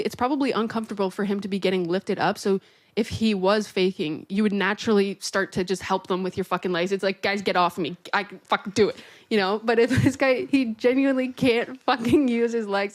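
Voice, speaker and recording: A woman's voice: mid-range voice, fairly quick. A woman co-hosting a podcast in casual chat, reacting with disbelief and swearing often. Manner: incredulous reactions, frequent swearing. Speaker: podcast co-host.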